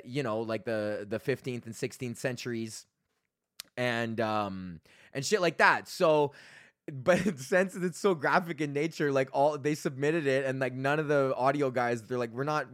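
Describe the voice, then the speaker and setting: A man's voice: mid-range voice, no echo. Young canadian guy ranting on his podcast, swears constantly, laughs a lot, dead dry mic. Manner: profane, rambling, laughs often. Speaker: podcast host. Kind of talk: casual ranting monologue.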